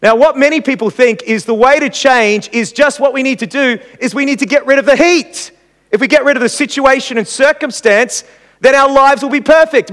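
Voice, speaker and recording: A man leads a church class in a sermon-like teaching style. His voice sits high, and it rises further as he acts out everyday scenes. A long reverb from the hall trails behind every word. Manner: animated, acts out examples with rising pitch.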